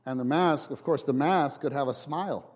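A man preaching a sermon, halting and repeating himself, then acting out quotes with sudden big jumps in voice. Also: on the high side. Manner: halting restarts, repeats words.

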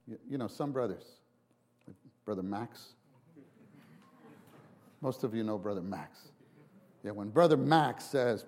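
A man preaching a sermon, halting and repeating himself, then acting out quotes with sudden big jumps in voice. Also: medium pitch, expressive, warm tone. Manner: halting restarts, repeats words.

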